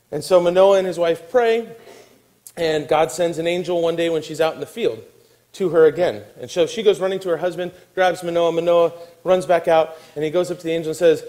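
A man preaching a sermon, telling a Bible story with lively, animated delivery and acting out the characters' voices. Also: fairly high pitch, brisk, poor audio. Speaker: pastor.

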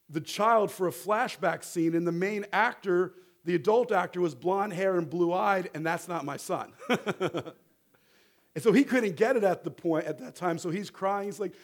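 A middle-aged man preaching a sermon as a rabbi, animated and building toward fervent exhortation, leading the congregation to repeat words back. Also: high voice, moderate pace. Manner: animated, rising to near-shouting exhortation; leads the congregation in call-and-response.

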